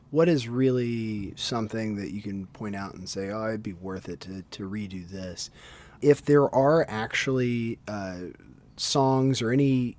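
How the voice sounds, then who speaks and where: A man's voice: lowish voice, a little mellow. A man co-hosting a casual movie podcast, talking in a thoughtful, hedging way. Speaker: podcast co-host.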